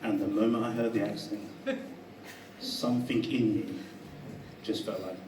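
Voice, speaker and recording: A man telling a personal story to a live audience in a chatty, animated way, often laughing. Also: on the low side, normal speed, reverberant, recorded from a distance, noisy background. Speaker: speaker at a live talk. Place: event room with an audience.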